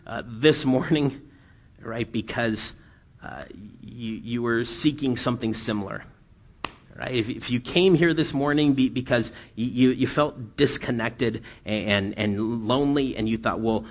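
Man preaching, asking "right?" again and again. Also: breathy edge. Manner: repeats phrases and keeps asking "right?"; swings from soft and low to loud and emphatic. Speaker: pastor. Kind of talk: sermon. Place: church. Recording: dull lo-fi sound.

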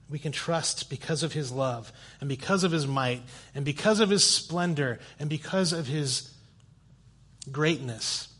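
A man's voice: medium pitch, fairly bright tone, slightly rough. A man preaching a sermon to a church congregation, in a conversational, storytelling way with self-deprecating humor. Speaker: guest preacher. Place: church sanctuary.

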